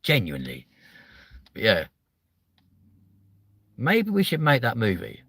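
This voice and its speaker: A man's voice: mid-range voice, huge pitch swings, slow, a bit bright, slightly rough, no echo. A man hosting a comedy chat show, rambling and crude, with constant swearing. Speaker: host.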